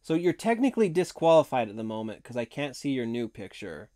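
A hoarse man hosting a casual live stream, chatting in a rambling way and laughing often. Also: medium pitch, very animated, a little fast, dark tone, no room sound, studio quality. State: hoarse from long talking.

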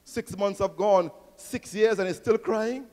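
A man preaching a rousing sermon as pastor, swelling to near-shouting and calling out questions to the congregation. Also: high voice, measured pace, big-room sound. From Trinidad and Tobago. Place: large church hall.

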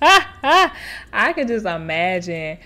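Animated, laughing woman storyteller. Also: mid-range voice, very slow, faint music behind. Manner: animated, expressive, laughs often; chatty, addresses listeners directly. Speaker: host reading and reacting to online stories. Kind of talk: casual storytelling with commentary.

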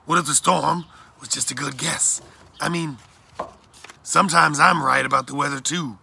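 A man's voice: on the high side, steady tone, normal speed, vocal fry, pushed and bright, a little hiss or hum, pitched above the performer's own voice, full character voice. A man voicing Blackbird, a brash, talkative male pirate who chatters eagerly. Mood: doubting.

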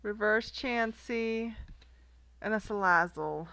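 A woman's voice: mid-range voice, takes it slowly, bright, forceful tone, no echo. A young woman casually chatting as she opens trading card packs, giggling often and reading card names aloud. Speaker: card collector vlogger. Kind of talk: casual unboxing chat.

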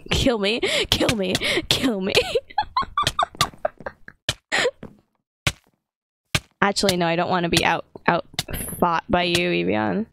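In a very noisy recording, a woman with a lowish, creaky voice takes her time, leaving long pauses as she gives casual commentary on a game. This gaming video creator laughs frequently in giggly bursts and lets out playfully panicked exclamations.

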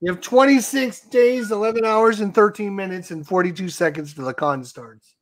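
Chatty stream host, higher voice. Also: male voice, slight background noise. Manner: chatty, quick to tease. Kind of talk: casual live-stream chat.

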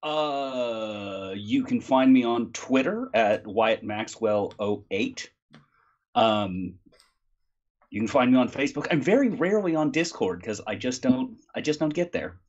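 A man chatting casually as a guest voice actor, relaxed and rambling, with many ums and uhs, from a home recording room. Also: mid-range voice, a little slow, dull audio. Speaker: guest voice actor and audiobook narrator. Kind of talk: casual chat. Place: home recording room, not studio quality.

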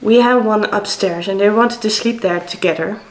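A woman's voice: medium pitch, normal speed, reverberant, a little hiss or hum, low-quality recording. A middle-aged Dutch woman speaking English with a Dutch accent, chatting hesitantly as she shows her cross-stitch projects at home. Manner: chatty, hesitant, many fillers. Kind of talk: casual show-and-tell.

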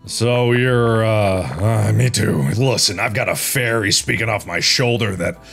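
A man in his thirties hosting a casual gameplay video, joking around and yelling at setbacks. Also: on the low side, a little slow, vocal fry, faint music behind. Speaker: gaming video host. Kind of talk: casual let's-play commentary.

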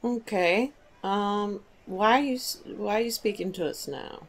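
A woman's voice: medium pitch, unhurried. A woman hosting a let's play, commenting casually on gameplay in a chatty, goofy, self-deprecating way.

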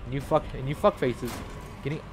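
A man doing live gameplay commentary as a streamer, profane and frustrated, breaking into loud shouts. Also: medium pitch, steady tone, brisk, over loud music. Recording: noisy stream audio.

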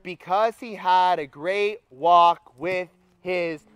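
High-voiced young man preaching. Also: slow pace, clean tone, no room sound. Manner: energetic, rallying the crowd. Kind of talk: sermon. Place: campus retreat gathering.

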